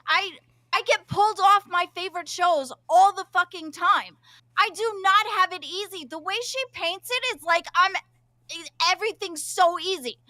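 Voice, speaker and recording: A high-voiced woman, a regular on a livestream show, talks in a heated, emphatic way. Her voice is bright and edged and goes squeaky when she gets loud. The sound is dry and close. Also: dry recording. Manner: worked-up, emphatic ranting. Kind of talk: livestream reaction chat.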